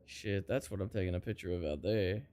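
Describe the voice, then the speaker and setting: A young man streaming a game, reacting loudly, swearing and laughing as he plays. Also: sits low, brisk. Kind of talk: casual game commentary.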